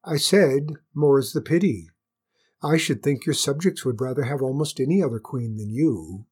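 A narrator doing a calm, polite magic hare. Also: medium pitch, moderate pace, husky, natural voice. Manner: mild and reasonable.

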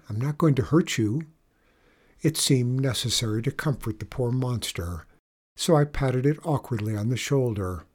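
A man reads a first-person storybook tale aloud at a slow, deliberate pace. His voice sits at an ordinary middle pitch, and his delivery is measured and even. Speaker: audiobook reader.

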